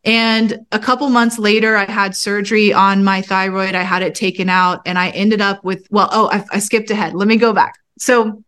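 A woman's voice: mid-range voice, little pitch movement, normal speed, hardly any pauses, fairly bright tone, smooth. A woman in her thirties, a pastor and author, telling her personal testimony as a podcast guest in an earnest storytelling way, acting out her own prayers with rising emotion.

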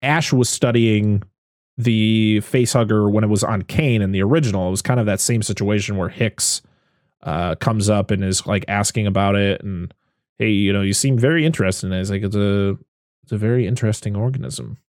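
A man's voice: on the low side, moderate pace, a little mellow, dry recording, clean studio sound. A man casually recapping a film on a podcast, laughing often and acting out the characters' lines. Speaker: podcast co-host. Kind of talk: casual movie recap chat.

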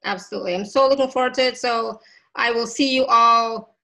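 A woman hosting a relaxed conversation, her voice sitting a little high for a woman. She sounds effusive and deeply grateful, and she laughs often between thoughts. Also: a little fast, creaky, rough recording. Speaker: host. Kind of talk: casual chat.

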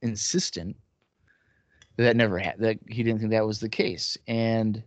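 A man's voice: fairly low pitch, steady tone, normal speed, no room sound. A man co-hosting a casual wrestling podcast, talking bluntly with plenty of swearing and teasing. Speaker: podcast co-host. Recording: dull, dry lo-fi recording.

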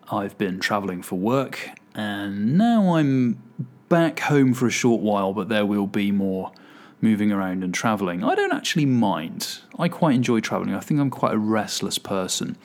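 Chatty male podcast host, a bit low-pitched, casual and self-mocking. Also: a little mellow. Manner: chatty and self-deprecating, with fillers. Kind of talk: casual solo podcast monologue.

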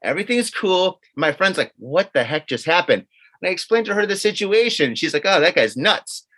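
Guy on a podcast telling a story, kinda high voice, acts out all the voices. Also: brisk. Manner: animated, acts out quotes of others with swearing. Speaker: podcast co-host. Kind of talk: casual storytelling.

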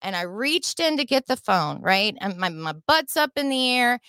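Woman, middle-aged, podcast guest, profane animated storytelling, bright tense voice, dry sound. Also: on the high side, moderate pace, clean tone, no echo. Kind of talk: personal storytelling.

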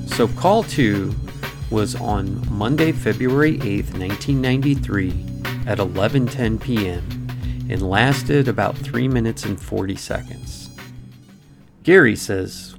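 A man with a low, gravelly voice narrates a mystery podcast in dramatic, ornate prose. Soft music plays beneath him. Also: animated, slow. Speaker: podcast host. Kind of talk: scripted narration. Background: faint music.

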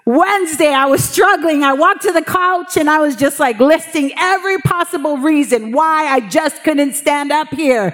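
A woman preaching a sermon from the pulpit, telling lively stories and acting out her own prayers and God's replies. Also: high voice, moderate pace, few pauses, big-room sound. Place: church pulpit.

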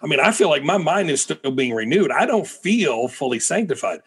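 A man's voice: on the high side, big pitch swings, moderate pace, fairly bright tone, slightly rough. A middle-aged American man, a preacher and guest, telling stories animatedly in a podcast interview with frequent restarts. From United States.

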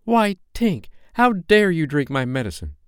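A man voicing a bold, cocky boy who shouts eagerly. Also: sits high, wildly swooping pitch, measured pace, dry recording, studio quality, pitched above the performer's own voice, exaggerated voice. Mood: alarmed.

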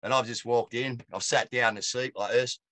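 A blunt Australian man spins an animated story in broad, colloquial speech. His voice is bright and forceful, and it sounds close and dry, with no room around it. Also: mid-range voice, a little fast, dry recording. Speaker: guest. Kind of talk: casual storytelling.

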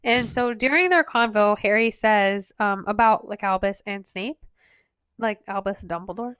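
A young woman co-hosting a podcast, recapping a story in chatty, sarcastic casual talk, her voice going hoarse. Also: medium pitch, normal speed, a bit bright, dry recording. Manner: chatty, sarcastic, lots of fillers. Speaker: podcast co-host.

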